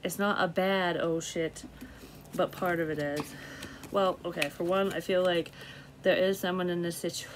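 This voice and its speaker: A woman's voice: fairly low pitch, steady tone, moderate pace, slight background noise. A middle-aged woman giving a casual, rambling tarot reading, swearing freely and laughing at herself. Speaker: tarot reader.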